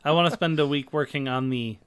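A man's voice: on the high side, fast, fairly bright tone, clean tone. A man co-hosting a podcast, chatting casually with dry, teasing interjections. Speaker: podcast co-host. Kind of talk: casual chat.

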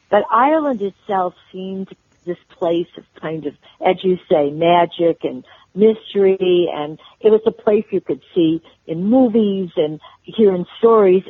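An older woman from Chicago, a guest telling personal stories in an interview, with halting restarts. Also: fairly low pitch, slightly rough, no room sound. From Chicago, USA. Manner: warm storyteller, halting restarts. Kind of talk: storytelling interview. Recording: tinny phone-line audio.

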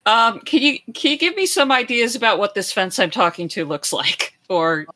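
A woman's voice: on the high side, normal speed, pushed and bright. A woman playing a tabletop game, asking the game master questions and pleading in character. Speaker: player.

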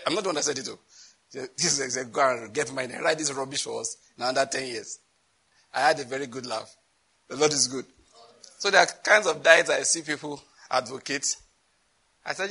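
A man's voice: medium pitch, sharp tone, slightly rough, low-quality recording. A man preaching a sermon on prayer, chatty and often breaking into laughter. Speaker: pastor.

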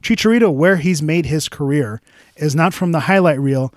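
Chatty man, slightly high, dry sound. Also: moderate pace, dry recording. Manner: rambling, laughs often, restarts sentences. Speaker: podcast co-host. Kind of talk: casual sports chat.

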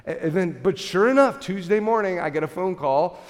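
A middle-aged man preaching a sermon, telling a story with an animated, self-deprecating manner and many restarts. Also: high-pitched, normal speed. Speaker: pastor. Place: large church hall. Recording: reverberant church hall.

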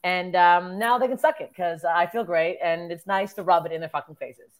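A woman's voice: lowish voice, moderate pace. A young woman comedian from Canada, telling stories bluntly and with plenty of swearing in casual podcast chat. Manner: blunt, profane storytelling. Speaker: stand-up comedian, podcast guest.

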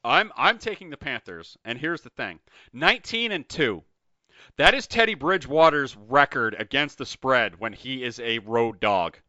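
A man's voice: mid-range voice, expressive, moderate pace, sharp tone, dry recording, dull audio. A man hosting a casual sports betting podcast, talking in an emphatic, ranting way. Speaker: podcast host.

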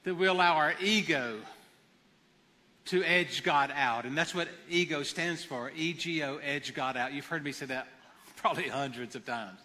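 A pastor preaching a sermon in an earnest manner, repeating phrases for emphasis. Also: male voice, a little high, moderate pace, pushed and bright, big-room sound.

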